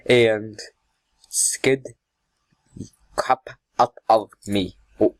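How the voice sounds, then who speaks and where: Very slowly and with fairly even intonation, a man with a fairly low voice comments on the game he's playing, mostly talking to himself. This jumpy gamer yelps when startled and laughs frequently, and there's no echo.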